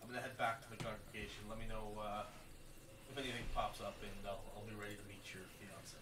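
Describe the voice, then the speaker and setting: Guy doing a chill friendly priest, lowish voice, roomy and far. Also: little pitch movement, fast talker, natural voice. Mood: reassuring. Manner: warm, reassuring and casual. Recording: roomy, distant and noisy.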